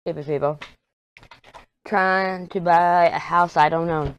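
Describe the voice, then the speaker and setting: A woman's voice: fairly low pitch, fairly even intonation, slow pace, clean tone. A woman from Texas, chatting casually in a rambling, storytelling way while she works on a craft for her vlog. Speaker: craft vlogger. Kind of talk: casual chat while diamond painting.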